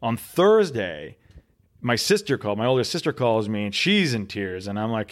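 Low-voiced man telling a hard story. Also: expressive. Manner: earnest, dramatic pauses and repetition. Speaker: podcast guest. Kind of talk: storytelling interview answer.

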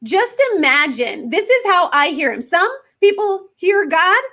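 A woman hosting a faith podcast, talking earnestly to her listeners and leaning on slow, emphatic questions. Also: very high voice, very animated, sharp tone. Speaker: podcast host.

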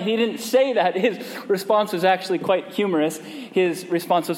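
A man's voice: high voice, normal speed, few pauses, long reverb tail. A male pastor preaching a conversational sermon and prompting the congregation to respond. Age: adult parent.

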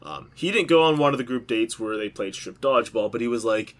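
A man's voice: mid-range voice, lively intonation, brisk. A man co-hosting a podcast, telling rambling jokey stories in casual chat with lots of fillers. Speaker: podcast co-host.

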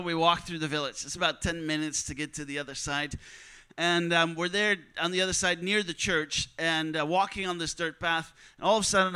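Man, personal testimony storytelling, high voice, smooth tone, acts out quoted dialogue. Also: sharp tone, low-quality recording. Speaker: speaker telling a mission testimony.

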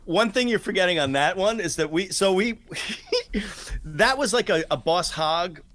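A middle-aged man talking as a podcast guest, his voice sitting a little higher than most men's. He rambles through his story in an animated way, stumbling over restarts and fillers. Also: unhurried. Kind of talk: casual storytelling chat.

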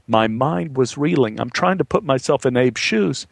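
A man's voice: mid-range voice, lively intonation, normal speed, gravelly, no room sound. A man telling a true story in a conversational, earnest way. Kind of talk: spoken storytelling.

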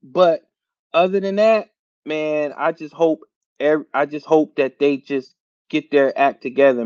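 High-voiced man ranting about football. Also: unhurried, no echo, muffled recording. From Philadelphia area. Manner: animated, laughing, slangy and profane. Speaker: podcast host. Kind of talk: casual sports rant.

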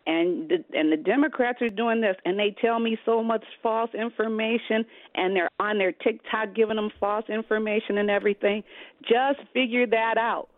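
A woman's voice: a little high, steady tone, moderate pace, no room sound. A woman calling in to a radio talk show, speaking in a frustrated, rhetorical way. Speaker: caller. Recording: tinny phone line.

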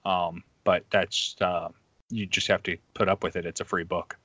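A man hosting a podcast in casual chat, speaking hesitantly with many pauses and restarts. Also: low-pitched, little pitch movement, pushed and bright, no room sound, muffled recording. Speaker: podcast host.

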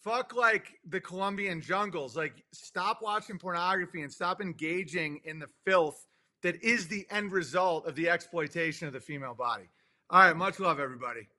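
A man's voice: a little high, moderate pace, pushed and bright. A man appearing as a podcast guest, speaking in a blunt, preachy, profane way.

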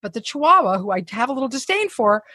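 A woman's voice: on the high side, sing-song, fast, pushed and bright, breathy edge, dry recording, studio quality. A woman guest telling candid, self-deprecating stories in conversation, with frequent profanity.

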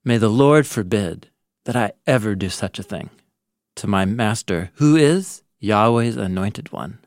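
A man co-hosting a podcast, casually walking through a Bible story and acting out its lines with animated delivery. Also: on the low side, a little slow, dry recording. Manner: animated storyteller, acts out quoted lines with laughs. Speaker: podcast co-host, Bible teacher. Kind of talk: casual conversational Bible discussion.

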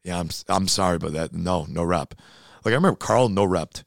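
A man co-hosting a casual fitness chat, blunt and animated, who gets fired up while he talks. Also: low-pitched, brisk, creaky, no echo, studio quality.

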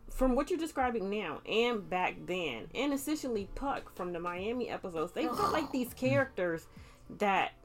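Lively woman sharing a theory. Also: fairly low pitch. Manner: reacts with short interjections, then builds a thought. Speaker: podcast co-host. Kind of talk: casual chat.

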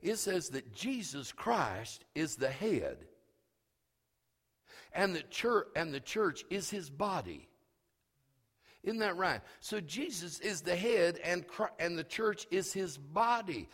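A male pastor preaching fervently, repeating himself and swinging between hushed words and shouts. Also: sits high, sing-song, slow, husky. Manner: fervent, repetitive preaching with many restarts. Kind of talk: sermon. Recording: long reverb of a big hall.

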